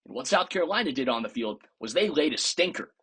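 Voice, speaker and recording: A man's voice: on the high side, lively intonation, fast, fairly bright tone, slightly rough. A man hosting a podcast, giving casual, opinionated sports commentary with a playfully sarcastic edge. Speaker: podcast host.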